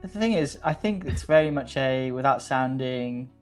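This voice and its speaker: A man co-hosting a livestream, talking in a halting, laid-back casual way with many restarts. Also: medium pitch, lively intonation, faint music behind. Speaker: livestream co-host. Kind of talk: casual chat.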